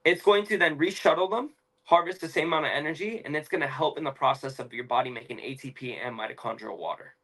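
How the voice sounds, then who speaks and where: A young man, an interview guest, explaining at length in a fast, emphatic, casual way with slang. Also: a little high, fairly bright tone, rough recording.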